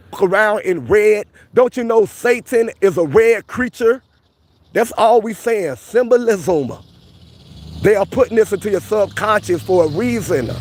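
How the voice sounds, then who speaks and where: A man, livestreaming outdoors and arguing insistently with his viewers, repeating his points. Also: sits high. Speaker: livestream host. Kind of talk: street livestream arguing with chat. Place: outdoors by a police station.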